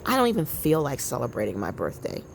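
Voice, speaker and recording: A woman's voice: a bass voice, huge pitch swings, fast, creaky, a little hiss or hum. A woman in her fifties chatting candidly and rambling to her viewers on an outdoor deck. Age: 50s. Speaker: vlogger. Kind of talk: casual personal chat to viewers.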